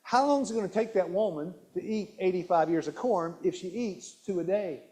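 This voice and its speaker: Man, fairly high voice, nutrition talk at a church, asks the audience questions, restarts sentences. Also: a little fast, darkish tone. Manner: quizzes the audience, repeats key words, restarts often. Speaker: health seminar presenter. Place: church hall.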